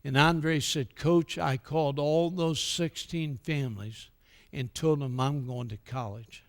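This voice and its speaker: A man's voice: on the high side, a little slow. An older American man speaking at a church, telling stories and acting out the quoted dialogue before turning to a sermon-like message. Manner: animated storyteller who acts out quoted dialogue. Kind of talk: storytelling speech with a sermon tone.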